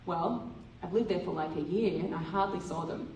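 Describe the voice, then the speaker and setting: A woman giving a testimony sermon at church, telling a lively story and acting out the dialogue. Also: lowish voice, moderate pace, slight background noise. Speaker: church speaker. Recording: roomy hall from a distant mic.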